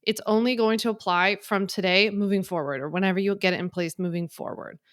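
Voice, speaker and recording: A woman's voice: mid-range voice, fairly quick, fairly bright tone, dry recording, clean studio sound. A woman from Philadelphia hosting her own podcast, talking frankly and casually with lots of "like" fillers from her office. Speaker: podcast host. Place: home office. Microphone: on video in office.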